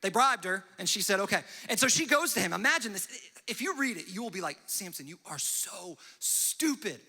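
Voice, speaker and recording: A man's voice: high voice, animated, pushed and bright, long reverb tail. A young man preaching a sermon as a pastor, telling a story and briefly acting out its characters. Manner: storytelling with quick acted-out voices and asides. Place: church hall.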